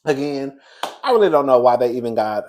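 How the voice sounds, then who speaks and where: A man hosting casual gossip commentary, chatty and animated, calling listeners "girl" and "baby.". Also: medium pitch, brisk, a little hiss or hum. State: out of breath. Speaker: commentary host.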